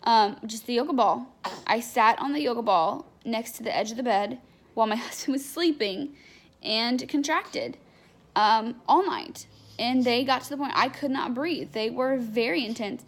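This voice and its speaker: A woman's voice: on the high side, moderate pace. A young adult woman telling a candid personal story in a chatty, unfiltered way, full of fillers. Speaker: vlogger.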